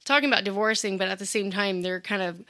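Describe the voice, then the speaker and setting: A woman's voice: mid-range voice, fast talker, sharp tone. A young woman co-hosting a casual podcast chat, chatty and full of fillers. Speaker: podcast co-host.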